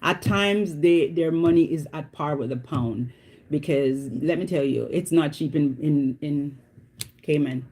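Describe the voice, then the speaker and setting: Mellow-voiced woman chatting casually. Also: sits low, measured pace, husky. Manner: chatty, repeats herself, often asks "you know what I mean". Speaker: vlogger. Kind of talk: casual chat to camera.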